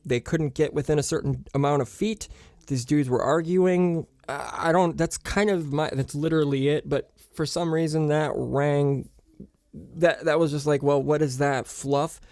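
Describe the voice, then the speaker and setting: A young man hosting a podcast, chatting casually in a rambling, profane and excitable way. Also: fairly high pitch, normal speed, no room sound. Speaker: podcast host.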